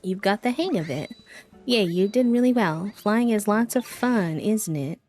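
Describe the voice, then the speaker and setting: A woman voicing a sleepy, gentle flying creature from a game, reading its lines in a soft, drowsy, friendly way. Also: mid-range voice, expressive, unhurried, soft background music. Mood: cheerful. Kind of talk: reading game dialogue aloud.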